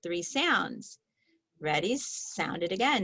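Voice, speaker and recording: A woman leads a phonics lesson at a very unhurried pace and draws each sound out slowly and clearly. Her pitch sits in the middle, and her delivery stays patient and steady. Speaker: reading teacher.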